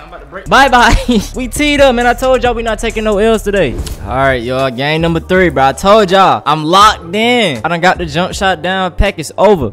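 A young man giving hyped, slang-heavy gameplay commentary, reacting loudly and trash-talking his opponents. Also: fairly high pitch. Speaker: gaming YouTuber.

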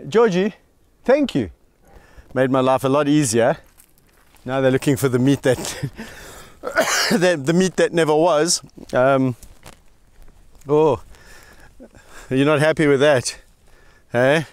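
Outdoors at a wildlife sanctuary, a man who keeps the animals and hosts a channel narrates a casual vlog as he handles lions. His medium-pitched voice is smooth and slow with long pauses, and he animatedly coos and calls to the lions with affection.

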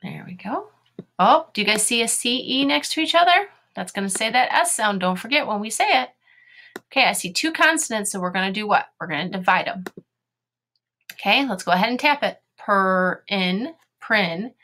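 A woman's voice: on the high side, animated, fairly quick, bright, forceful tone, slight background noise. A woman teaching a phonics video lesson, sounding out letters and syllables one by one and asking her young learners encouraging questions.

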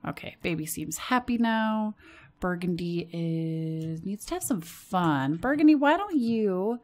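An American woman gives relaxed let's-play commentary in an everyday voice. She chats straight at her game characters and jumps into sudden bursts of excitement. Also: lowish voice, measured pace. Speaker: gaming channel host.

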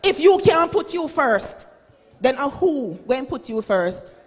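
A woman's voice: high-pitched, sing-song, measured pace, long reverb tail. A Jamaican woman in her forties, a school principal giving a dramatic, preachy motivational speech and slipping into Patois. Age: 40s. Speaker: school principal and keynote speaker.

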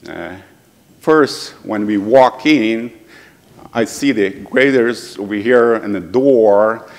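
A middle-aged man from Ukraine with a Ukrainian accent, speaking earnestly in halting English as a guest speaker in a church. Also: fairly low pitch, in a large hall. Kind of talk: heartfelt church talk. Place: church sanctuary.

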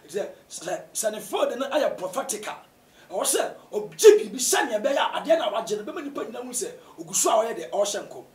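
High-pitched, animated Ghanaian pastor. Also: male voice, a little fast. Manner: animated, bursts into shouts to stress points. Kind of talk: preaching-style interview answers. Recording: roomy echo, distant from mic.

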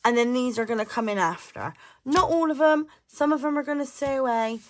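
A young woman chatting excitedly to her viewers as she unboxes her mail. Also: high voice, fairly quick, a little hiss or hum. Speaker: budgeting vlogger. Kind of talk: casual chat to camera while unboxing.

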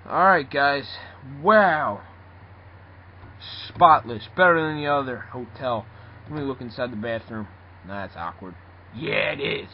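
A man's voice: medium pitch, lively intonation, unhurried, dull audio, a little hiss or hum, pitched below the performer's own voice. A man voicing a pompous male host of a toy reality contest who rambles and stumbles over his words. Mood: pleased.

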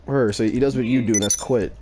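A man's voice: mid-range voice, fairly even intonation, quick pace. A man trash-talking and laughing with friends during an online racing game session. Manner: teasing, laughs often, trash talk. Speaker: gamer host. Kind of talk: casual gaming chat with friends. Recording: noisy voice chat with clicks.

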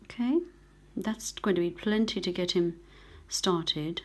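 A middle-aged woman who works in bird rescue, talking softly and often in a whisper, cooing gently while she cares for a tiny bird. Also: fairly low pitch, slow pace, a little hiss or hum.

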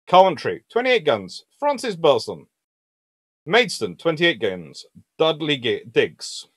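A chatty man with a slightly high voice gives a casual history talk, his pitch bouncing up and down as he lists ships and greets his audience. The sound is close and dry, with no room echo. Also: measured pace, breathy edge. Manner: lively and chatty, reading names in a sing-song list. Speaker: naval historian hosting a livestream. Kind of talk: casual lecture reading ship lists and answering chat.

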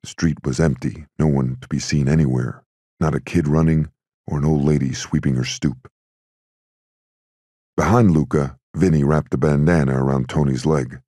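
Super deep husky guy reading a crime audiobook, dry close sound. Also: fairly even intonation, normal speed, warm tone, no echo. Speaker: audiobook narrator. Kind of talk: scripted narration.

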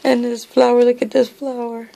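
A woman's voice: fairly high pitch, little pitch movement, normal speed, vocal fry, mellow. A woman opening happy mail in a casual vlog, emotional and tearful, gushing and rambling with many restarts.

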